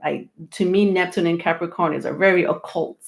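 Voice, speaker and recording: A woman hosting a tarot live stream, talking casually, a little out of breath, rambling with many pauses and restarts. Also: lowish voice, gravelly. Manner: rambling, many ums and restarts, laughs often. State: slightly out of breath.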